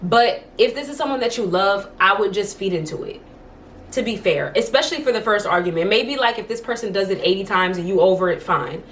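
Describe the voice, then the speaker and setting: There's a faint hiss or hum behind this home vlog, where a young woman chats to camera at a fairly quick clip. Her voice is mid-range, and her storytelling is chatty and full of "like" fillers.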